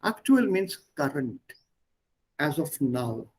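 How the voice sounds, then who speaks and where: A man teaching a language lesson online, explaining word pairs patiently with pauses. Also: on the high side, very animated, darkish tone, breathy edge, rough recording.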